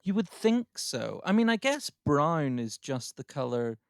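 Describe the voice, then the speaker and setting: Irish male podcast host, playful and quick to laugh, dry close-mic sound. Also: a little high, very animated, vocal fry, dry recording. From Ireland. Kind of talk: casual comedy chat.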